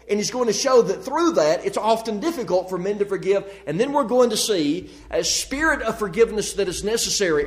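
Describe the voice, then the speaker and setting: A man preaching a sermon, reading scripture aloud in a measured, deliberate way with emphatic pauses. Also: high-pitched, darkish tone.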